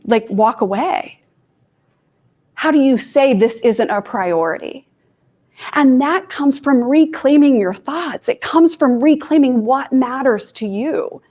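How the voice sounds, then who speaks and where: A woman's voice: high voice, darkish tone. A woman life coach from Kansas giving an informal talk to students, chatty and self-deprecating, with asides to her audience.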